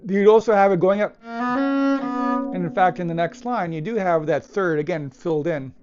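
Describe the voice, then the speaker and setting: A man's voice: high-pitched, expressive. Man explaining music between cello phrases. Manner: thoughtful, with pauses and restarts. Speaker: cellist teacher. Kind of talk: explaining and demonstrating a piece. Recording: dull lo-fi with cello playing. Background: cello phrases between remarks.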